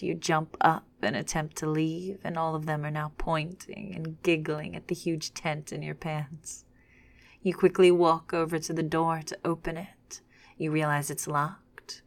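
Low, slow whispering woman narrator. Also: gravelly. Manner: hushed, unhurried reading. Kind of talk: whispered second-person adult storytelling.

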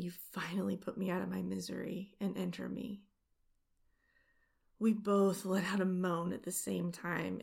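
A woman in a whispered role-play, her hushed voice slow and unhurried. The tone is low and heavily gravelly, with a husky, breathy texture. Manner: soft intimate whisper. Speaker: storyteller.

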